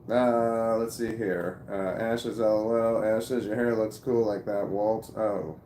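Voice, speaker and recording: A middle-aged man streaming casually from home, his voice sitting low. He reads viewer comments aloud and drifts between thoughts, often stopping and restarting mid-sentence. The room around him rings with a noticeable echo. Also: steady tone, a little slow, mellow, slight background noise. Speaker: livestreamer reading chat. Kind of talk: casual livestream chat.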